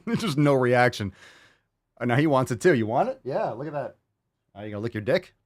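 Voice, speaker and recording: A man hosting a casual livestream podcast, loud and profane, hyping up listener posts and talking to his dog. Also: medium pitch, animated, fairly quick, no room sound, clean studio sound. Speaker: podcast host.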